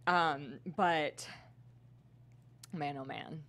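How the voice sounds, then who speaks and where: A young woman co-hosting a podcast, recounting convention news in an animated, casual way with lots of "like.". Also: low-pitched, very slow. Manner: animated storytelling, heavy use of "like". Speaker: podcast co-host. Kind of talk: casual chat.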